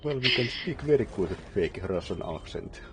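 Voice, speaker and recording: A man's voice: on the low side, lively intonation, normal speed. A man with a Finnish accent, chatting casually and joking dryly as a gaming stream co-host. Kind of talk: casual chat.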